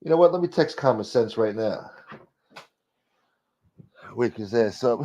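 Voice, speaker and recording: A man's voice: mid-range voice, expressive, unhurried, long pauses, no echo, lo-fi sound. Brash profane man on a livestream. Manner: brash and profane, swings from mumbling to loud outbursts. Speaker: host of a mock church livestream. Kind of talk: casual comedic livestream banter.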